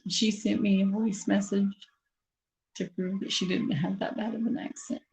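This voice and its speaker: Chatty woman with a creaky voice. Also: medium pitch, fairly even intonation, normal speed, a little mellow, poor audio. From Kansas City area. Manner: chatty, rambling, laughs often. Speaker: beauty vlogger chatting with viewers. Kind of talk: casual chat to camera.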